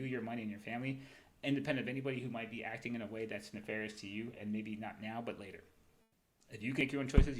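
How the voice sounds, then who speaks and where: A man's voice: medium pitch, slight background noise, low-quality recording. A man hosting a livestream, talking through market charts in a loose, profane way and tagging "right?" onto his points. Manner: fast, profane, wandering talk full of "right?". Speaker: livestream host running a crypto trading show. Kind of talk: casual livestream chart commentary.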